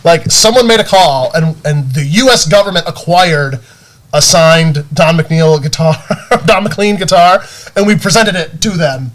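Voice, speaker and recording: A man's voice: fairly high pitch, unhurried. A man co-hosting a podcast, telling stories in casual chat with lots of fillers, restarts and laughs. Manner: animated storytelling, many fillers and restarts. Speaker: podcast co-host.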